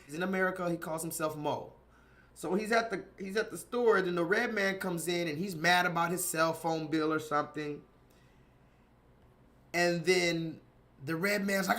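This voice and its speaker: Guy rambling on his live stream, repeats himself a lot, talks to chat, kinda high voice. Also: normal speed, fairly bright tone. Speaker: livestream host. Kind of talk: casual livestream chat.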